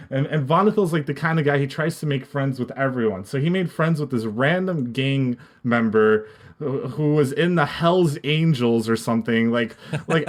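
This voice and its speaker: A young man and podcast guest, telling a casual story in a rambling way with many restarts. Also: on the high side. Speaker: podcast guest, esports coach.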